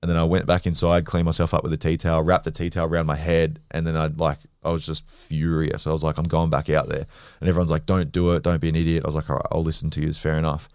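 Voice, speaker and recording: A deep-voiced Australian man talks at a quick clip, telling stories bluntly and dropping swear words as he goes. The sound is dry and close, with no room around it. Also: smooth, no echo. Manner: blunt, swears freely, animated retelling. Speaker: podcast guest, grappler and former rugby league player. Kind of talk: casual storytelling.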